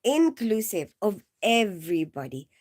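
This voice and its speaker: A woman's voice: mid-range voice, big pitch swings, unhurried, darkish tone. A woman chatting casually on a live stream, giggly and rambling, filling her talk with "like" and "you know". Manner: giggly, keeps bursting into laughter.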